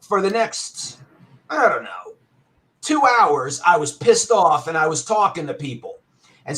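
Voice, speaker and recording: A man telling a story with animation and a loud, bellowing voice at times, as a guest on a talk show. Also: on the high side, sing-song, measured pace. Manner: loud, bellowing when acting out his anger. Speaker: arcade owner and guest.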